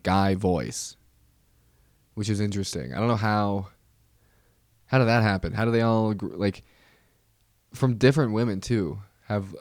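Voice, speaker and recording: A man's voice: lowish voice, a little mellow, no room sound, studio quality. A man hosting a casual solo podcast, rambling, with many restarts and trailing fillers. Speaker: podcast host.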